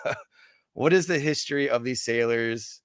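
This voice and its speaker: A man co-hosting a casual history podcast, setting up the story and prompting with relaxed, playful questions. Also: mid-range voice, moderate pace, clear, resonant tone, dry recording, studio quality. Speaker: podcast co-host asking questions.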